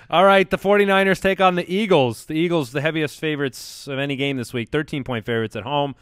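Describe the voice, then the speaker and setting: A man with a slightly high voice hosts a casual sports podcast. He sounds upbeat and keeps the segments moving. The mic is close and dry. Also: brisk, fairly bright tone, clear, resonant tone, no echo. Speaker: podcast host.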